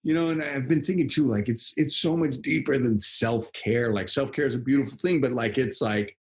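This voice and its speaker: A man's voice: mid-range voice, a little fast. A young man chatting casually as a podcast guest, rambling with lots of fillers and frequent laughs. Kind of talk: casual conversation.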